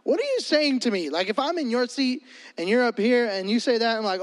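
A man preaching as a pastor, animated and joking in a conversational sermon. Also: high voice, a little fast. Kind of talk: energetic comedic sermon. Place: church hall. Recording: echoey hall.

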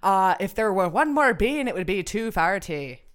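A woman's voice: medium pitch, big pitch swings, moderate pace. A woman co-hosting a comedy podcast, riffing absurdly on made-up sports news. She rambles and breaks into laughter mid-sentence. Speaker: podcast co-host.

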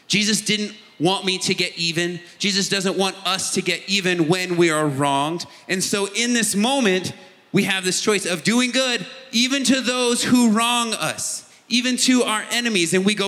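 Middle-aged guy preaching in a church, bright kinda high voice, echoey hall. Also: moderate pace. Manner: conversational storytelling preaching. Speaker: pastor. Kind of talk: sermon. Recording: long hall reverb.

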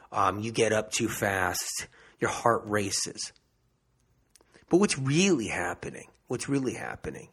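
A man's voice: fairly low pitch, a bit bright, breathy edge. A man giving an emphatic health monologue, repeating phrases for emphasis and restarting often. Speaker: health speaker. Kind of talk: impassioned monologue.

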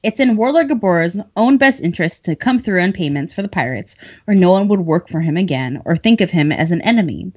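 Lively woman recapping chapters, lo-fi. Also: fairly low pitch, brisk, slightly rough. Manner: chatty, laughs often between lines. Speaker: podcast host summarizing chapters. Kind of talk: casual book recap.

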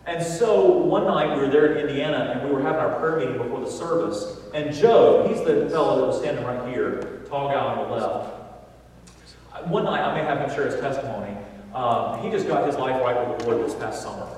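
A man preaching a sermon as a pastor, telling stories with animated, emphatic delivery. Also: mid-range voice, brisk, a little hiss or hum. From Southern United States. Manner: animated storytelling, builds to loud emphatic points. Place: large church sanctuary. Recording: echoey church hall from far off.

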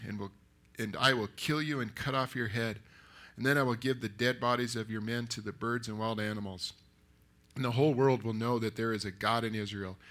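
A man preaching a sermon that retells a story, lively and acting out the characters' lines. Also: mid-range voice. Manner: animated, acts out the characters. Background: live audience.

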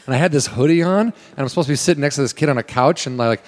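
A man's voice: on the high side, very fast, long reverb tail. A man, a working actor, telling a casual story with lots of swearing and quoted voices. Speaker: guest actor.

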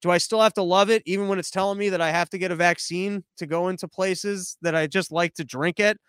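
A man with a high, smooth, clear voice hosts a podcast live stream, riffing casually through viewer comments. His delivery is rambling, sarcastic and crude. The sound is dry and close. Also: steady tone, fairly quick, a bit bright, dry recording. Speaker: podcast host.

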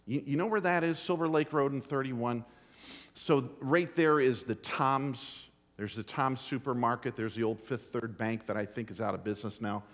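A middle-aged man preaching a sermon as pastor, telling a folksy story with emphatic, drawn-out phrasing. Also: medium pitch, fairly bright tone. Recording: long hall reverb.

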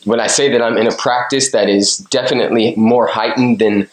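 Male guest, mid-pitch, playful and preachy, echoey room. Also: steady tone, a little fast. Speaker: podcast guest, author and coach. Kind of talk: casual interview. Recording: roomy echo.

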